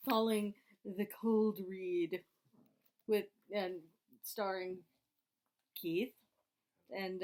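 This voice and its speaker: A woman's voice: medium pitch, a little mellow. A woman from Scotland reading an old science fiction story aloud at home, chatty and laughing, stumbling over some words. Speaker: reader. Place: home with dogs.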